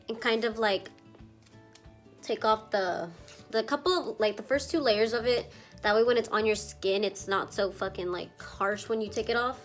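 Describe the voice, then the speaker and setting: Narrating a makeup tutorial, this young woman vlogger speaks at medium pitch and is a bit stuffed up from allergies. She's chatty, drops "like" constantly, and swears casually as she goes.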